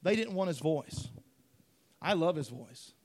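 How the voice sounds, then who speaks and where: A man's voice: on the high side, animated, unhurried, a little mellow. A man preaching a sermon in church, emphatic, repeating phrases and asking the congregation if they follow.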